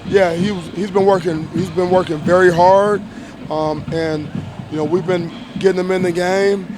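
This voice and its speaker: A man answering reporters as a college football head coach after a game, measured and emphatic, often restarting and repeating phrases. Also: sits high, steady tone, background noise. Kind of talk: post-game press conference.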